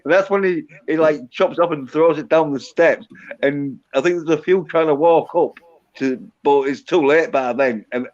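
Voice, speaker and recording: A man chats casually on a livestream call, blunt and swearing, his voice on the high side at a moderate pace. The call audio is dull and lo-fi.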